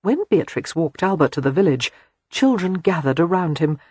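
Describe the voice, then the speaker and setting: An audiobook narrator reading scripted narration in an expressive, measured way. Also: medium pitch, husky, no echo.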